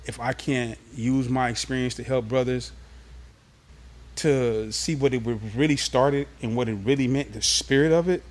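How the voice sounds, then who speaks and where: A man from Los Angeles sits as an interview guest and tells stories of his youth in a relaxed, streetwise way. His voice sits at an ordinary middle pitch. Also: normal speed. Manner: animated, streetwise storytelling. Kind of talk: casual storytelling interview.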